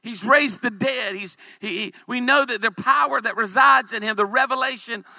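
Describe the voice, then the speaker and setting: A man, a pastor, preaching a humorous sermon with animated storytelling and calls for amens. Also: very high-pitched, moderate pace, gravelly, no room sound.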